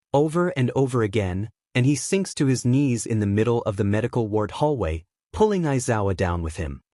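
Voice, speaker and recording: A man's voice: medium pitch, darkish tone, no echo. Man narrating fan fiction in a dry recording. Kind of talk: reading fan fiction aloud.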